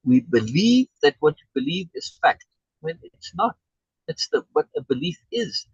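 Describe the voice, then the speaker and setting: A man's voice: a little high, sing-song, normal speed, slightly rough, dry recording, muffled recording. A man coaching someone over a video call, emphatic and repeating key words for stress. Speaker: life coach.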